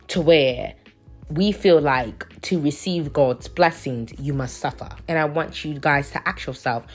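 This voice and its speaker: A woman talking casually in a put-on British accent, rambling with lots of fillers as she does a nail tutorial. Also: sits low. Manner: rambling, filler-heavy, preachy asides. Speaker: nail artist.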